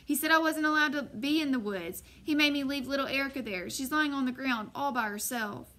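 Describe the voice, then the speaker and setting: Woman putting on a desperate little girl, high pitched and tearful, bright tone, audiobook. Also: expressive, normal speed, heavily acted. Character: young sister girl, frantic and defiant.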